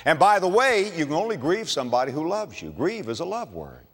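An older male pastor preaching with a lively, animated voice that swoops from near-whispers up to ringing emphasis. His pitch sits a bit high for a man, and the sound carries a long reverb from a large church hall. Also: fairly quick. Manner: dramatic preaching, swinging from hushed to loud. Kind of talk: sermon. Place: church sanctuary.

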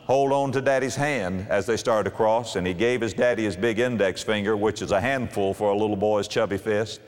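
A man in his fifties preaching a sermon, telling a homespun parable with lively, acted-out character voices. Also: mid-range voice. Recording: long hall reverb.

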